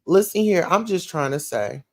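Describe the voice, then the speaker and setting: Sassy Southern woman, livestream gossip host reading comments, animated and chatty. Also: lowish voice, normal speed. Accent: Southern US, Atlanta. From Atlanta, USA. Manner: sassy, animated, calls listeners child and baby.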